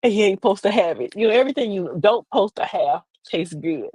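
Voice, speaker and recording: A woman, talking in a chatty, sassy way that rambles and circles back on her own phrases. Her voice sits at an ordinary middle pitch. The sound is dry and close, with no room around it. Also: animated, fast talker, dark tone, husky, dry recording. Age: 50s. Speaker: streaming show host. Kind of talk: casual comedic monologue.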